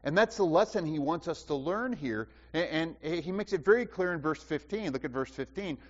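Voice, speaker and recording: At a moderate pace, a male pastor preaches in a fairly high, expressive voice. He asks his congregation questions and emphasizes points through repetition, heard in a dull recording with long hall reverb.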